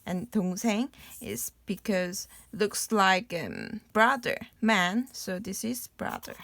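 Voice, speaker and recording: A woman's voice: mid-range voice, wildly swooping pitch, gravelly, fairly bright tone, no echo. A young woman from South Korea with a Korean accent, patiently explaining a beginner language lesson and sounding out playful laughing words. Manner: slow, patient explaining with sing-song demonstrations of laughter sounds.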